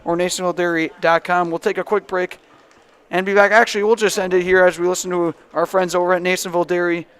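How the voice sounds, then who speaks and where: A young man works as play-by-play announcer for a high school softball game, calling it briskly and rising sharply on big plays. His tone is smooth and level.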